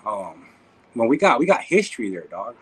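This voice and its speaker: A man's voice: medium pitch, sing-song, moderate pace, a bit bright, husky, rough recording. A man from the Inland Empire, talking casually to his viewers as a YouTube creator, laid-back and full of slang. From Inland Empire, California. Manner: slangy, laid-back, calls listeners "dog" and "homie". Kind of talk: casual vlog talk to viewers.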